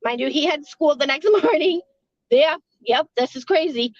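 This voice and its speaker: A high-pitched woman rambles through a storytime, cursing freely and laughing between lines. The recording is dry and a little dull, close and without room sound. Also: normal speed, dry recording. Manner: rambling, swearing, laughing often. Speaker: vlogger telling a story. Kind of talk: casual storytime.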